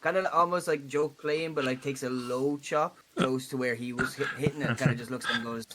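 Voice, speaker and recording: A man's voice: medium pitch, fairly even intonation, fairly quick, bright, forceful tone, slight background noise. A man playing a tabletop game, describing his character's actions in an easygoing, hesitant way. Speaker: player.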